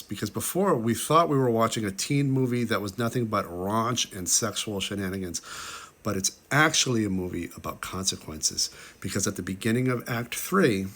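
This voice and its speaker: A man's voice: lowish voice, pushed and bright. A man casually breaking down a film as a reviewer, chatty and full of "like", with exasperated, incredulous asides. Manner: chatty, lots of "like", quick asides. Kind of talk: casual movie breakdown commentary.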